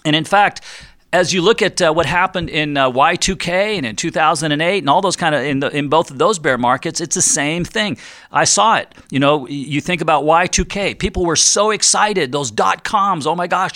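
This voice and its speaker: With a fairly high, sharp-toned voice and a brisk pace, this middle-aged retirement planner hosts his financial radio show. His style is chatty and playful, and he frequently imitates anxious investors.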